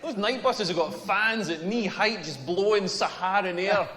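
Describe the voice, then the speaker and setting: A man's voice: sits high, normal speed, a bit bright, reverberant, in a large hall. A Scottish man in his forties doing a stand-up comedy set, brash and self-mocking, laughing through his punchlines. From Scotland. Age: 40s.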